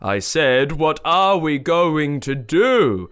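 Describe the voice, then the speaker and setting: A man's voice: mid-range voice, sing-song, unhurried, pushed and bright. A man doing an earnest, fretful prince. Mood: worried.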